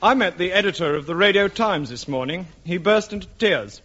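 A man narrating a comic radio sketch in a melodramatic storyteller's manner, with deadpan asides. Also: high-pitched, brisk. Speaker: comedy performer. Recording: lo-fi old radio recording, heavy hiss.

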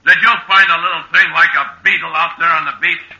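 A man's voice: on the high side, fairly even intonation, quick pace, creaky, bright, forceful tone, heavily acted. A man playing a blustering, grumbling man who has grown to giant size, in an old-time radio comedy. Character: gruff bossy man, suddenly giant. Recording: dull roomy old radio recording.

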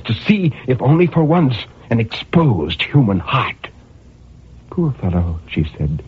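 A low, husky male voice reads a dark first-person tale, brooding and then bursting out with feeling, his pitch swinging widely. The recording is tinny and narrow, like a phone line. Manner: brooding, with impassioned outbursts. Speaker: narrator. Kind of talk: dramatic first-person story reading.

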